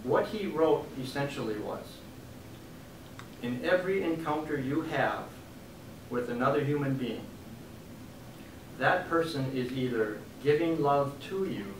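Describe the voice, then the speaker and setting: A man, an author giving a book reading, telling a story in an animated way and acting out the quotes. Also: medium pitch, a little slow, pauses often, a little hiss or hum. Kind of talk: storytelling talk. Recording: echoey room from a distant mic.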